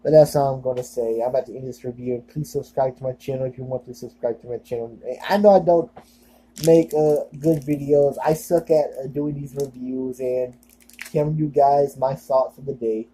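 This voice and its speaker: A man's voice: medium pitch, steady tone, moderate pace, warm tone, breathy edge, poor audio. A young man vlogging in a casual, rambling monologue, full of fillers and self-deprecating asides.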